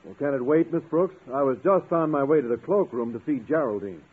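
Earnest, shy science teacher, husky voice; old radio sound. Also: male voice, mid-range voice, lively intonation, a little fast. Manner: bashful, earnest. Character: shy, gentle male biology teacher who loves animals. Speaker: schoolteacher. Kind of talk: 1950s radio sitcom acting. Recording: tinny old radio broadcast.

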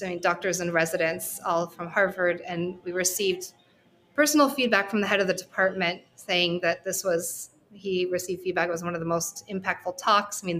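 Woman, podcast guest, mid pitch; candid, heartfelt, chatty storyteller. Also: a bit bright. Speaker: guest, social work researcher. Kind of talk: personal storytelling in a podcast interview.

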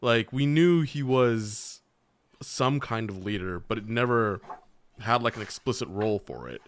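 An enthusiastic man speaks as a podcast guest in a fairly low voice, talking in quick bursts. A faint hiss of noise sits behind him. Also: expressive. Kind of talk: casual podcast chat.

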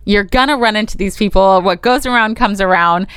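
A woman co-hosting a podcast, telling a story in a lively way and acting out the people she quotes. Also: medium pitch, a little fast, smooth, no echo. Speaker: podcast co-host. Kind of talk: casual chat.

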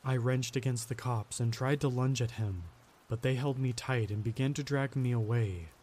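A man narrating a first-person horror story in a steady, grim storytelling manner. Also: medium pitch, moderate pace.

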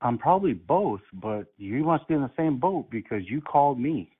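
A man on a prank phone call, calm and mocking, playing innocent. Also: mid-range voice, moderate pace, husky. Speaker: prank caller. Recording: phone line.

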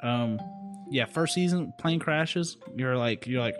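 With music in the background, a podcast co-host speaks at a medium pitch in an animated but slow manner. His casual talk wanders, jokes around, and is packed with fillers.

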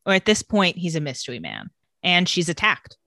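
A woman's voice: on the low side, normal speed, creaky, dry recording. Woman recapping a TV episode, dry sound. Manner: lively storyteller who acts out characters' lines. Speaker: podcast co-host. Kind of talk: casual TV episode recap chat.

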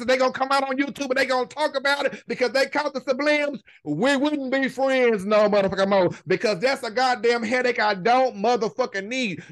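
In a high voice, a female podcast host delivers casual commentary as a forceful rant, cursing heavily and stretching out each swear word.

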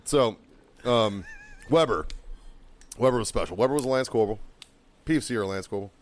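A man in his thirties spins a long anecdote for his podcast friends. He swears freely, laughs at his own punchlines and slips into the voices of the people he quotes. His voice sits at an ordinary middle pitch. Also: animated, fairly quick. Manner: profane, laughs often, acts out quoted people. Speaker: podcast co-host telling a story. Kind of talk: casual profane storytelling.

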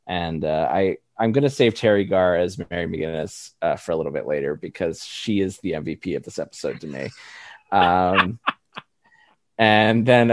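A man's voice: low voice, darkish tone, no room sound, clean studio sound. A man co-hosting a podcast, chatting casually through a review, laughing often and using many fillers. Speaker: podcast co-host.

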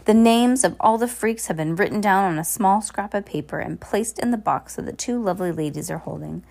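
A woman's voice: mid-range voice, a little fast, gravelly, a little mellow. A woman reading a gloating villain count. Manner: read aloud with slips. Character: scheming villainous male troupe leader, theatrical.

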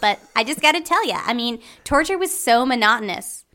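An insistent superfan stuck in eternal torture, played by a woman, gushing and pushy. Her voice is bright and forceful. She sits a touch high in pitch for a woman. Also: lively intonation, fairly quick. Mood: chatty. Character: eager superfan woman, tortured soul in hell. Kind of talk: improvised comedy podcast.

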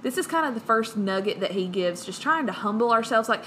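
A woman's voice: on the high side, lively intonation, brisk, a bit bright, low-quality recording. Woman co-host, casual Bible talk, playful, laughs a lot, faint background hiss. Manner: bubbly, joking, laughs often. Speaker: podcast co-host. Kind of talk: casual Bible-study chat.

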